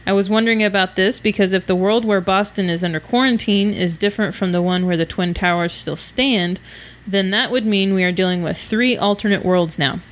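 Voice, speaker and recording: Cheerful female co-host from Oklahoma, mid pitch, reads mail, laughs easily. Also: brisk. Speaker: podcast co-host. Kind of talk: casual podcast chat, reading listener emails.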